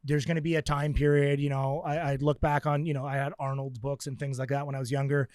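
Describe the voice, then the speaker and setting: A man telling training stories in a casual podcast chat, animated and acting out quotes. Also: medium pitch, fast talker, no echo, clean studio sound. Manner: animated storyteller, acts out quotes.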